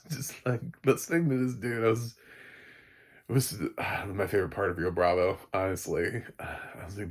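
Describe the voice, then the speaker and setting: A man's voice: fairly low pitch, moderate pace. A man casually reviewing an old movie, chatty and rambling, laughing often.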